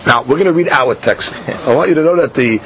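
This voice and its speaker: A man leads a Talmud class, reading the old lines slowly and then explaining them in English. His voice is gravelly and pitched a little high. The recording is muffled and lo-fi, with a faint hiss underneath. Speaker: Talmud teacher.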